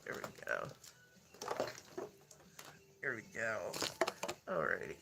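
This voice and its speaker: A man's voice: on the low side, wildly swooping pitch, slow pace, vocal fry, heavy background noise. A man casually chatting on a livestream, rambling and laughing often while congested with a stuffy nose. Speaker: livestream host.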